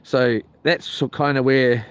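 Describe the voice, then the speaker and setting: A man's voice: mid-range voice, fairly even intonation, unhurried, clear, resonant tone, dry recording. A man telling a rambling, colloquial story for his vlog, outdoors by a lake. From New Zealand. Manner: rambling, colloquial, mimics others loudly. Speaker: vlogger. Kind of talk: casual storytelling.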